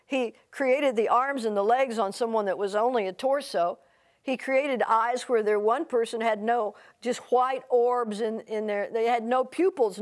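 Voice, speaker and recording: A woman preaching a sermon, telling a story with lively quoted voices and frequent restarts. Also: a little high.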